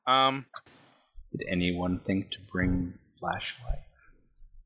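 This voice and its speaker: A man narrating as game master for a tabletop game, loose and punning, with drawn-out phrasing. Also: sits low, sharp tone, muffled recording.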